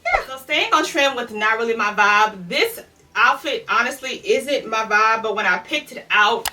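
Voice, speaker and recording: With lively intonation and a moderate pace, a fashion vlogger from Louisiana with a fairly high-pitched voice chats breathlessly through a casual try-on haul, speaking directly to viewers as "y'all." She's far from the mic, with background noise.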